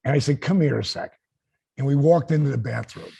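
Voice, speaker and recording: A man's voice: mid-range voice, fast talker, creaky, breathy edge. A man in his sixties, a podcast host, telling a story in casual talk and acting out the lines he quotes. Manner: animated, acts out quoted lines. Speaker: podcast host, former wrestler.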